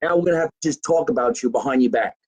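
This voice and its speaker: A New man hosts a live home-basement podcast. He jokes loosely and reads viewer comments out, in a voice of middle pitch. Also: very fast, a little mellow, slightly rough. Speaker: podcast host. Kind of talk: casual live show chat.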